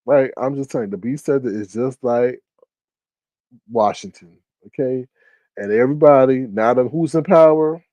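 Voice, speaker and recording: Male streamer chatting with viewers, animated, warm low timbre, dry close sound. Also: a little slow, pauses often, dry recording, rough recording. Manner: animated, with shrieking high exclamations and laughter; drawling asides like "ooh, child". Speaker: live-stream host. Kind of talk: casual live-stream chat.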